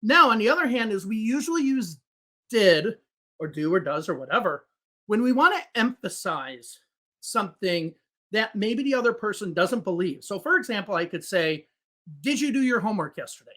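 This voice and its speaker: A man's voice: sits high, big pitch swings, normal speed, pushed and bright. A man who is a native English speaker and works as an English teacher, patiently explaining grammar with spoken examples in a podcast conversation.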